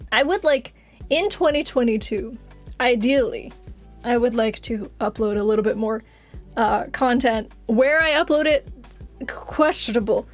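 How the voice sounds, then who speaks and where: A woman's voice: on the high side, a little slow. A young woman streamer chatting casually on a live stream, giggling often and swearing offhandedly, with music faintly behind. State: has covid.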